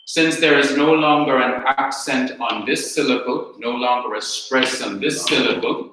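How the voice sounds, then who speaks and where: Man, teacher, slow careful repetition, crisp bright tone, very echoey classroom. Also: medium pitch. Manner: slow, repeating explanations step by step. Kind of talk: classroom lecture with questions.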